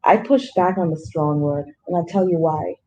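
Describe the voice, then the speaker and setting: A woman facilitating a grief support group, speaking earnestly and animatedly. Her voice is soft-toned and warm. She reaches for plain everyday examples to make her point. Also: sits low, normal speed, muffled recording, slight background noise. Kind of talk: small-group discussion.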